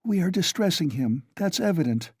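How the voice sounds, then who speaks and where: A man voicing a composed, proud young woman who speaks gently and holds herself back. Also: fairly high pitch, very animated, normal speed, breathy edge, no echo, clean studio sound, voice pushed up, exaggerated voice. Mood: restrained. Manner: gentle, restrained.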